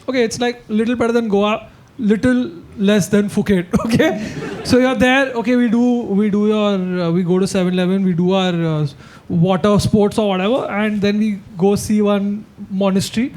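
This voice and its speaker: A young adult man with an Indian English accent, telling an animated story in a casual comedy chat and laughing as he talks. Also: high-pitched, moderate pace. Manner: laughs through the story, acts out quoted voices loudly. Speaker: comedian guest.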